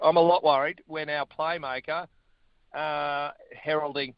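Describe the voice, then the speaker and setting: A middle-aged man with an Australian accent, a guest chatting casually about sport in a blokey, animated way. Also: a little high, moderate pace, clear, resonant tone, no echo, lo-fi sound. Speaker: guest, former rugby player and radio host.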